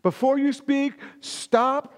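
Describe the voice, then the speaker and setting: A man's voice: very high voice, steady tone, slow pace, in a large hall. A man preaching a sermon, speaking emphatically, repeating key phrases and talking directly to the congregation in a church. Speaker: pastor.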